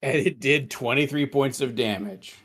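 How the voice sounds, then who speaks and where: A man's voice: mid-range voice, fairly bright tone. A man running a tabletop game as game master, often restarting his sentences. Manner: halting, many restarts.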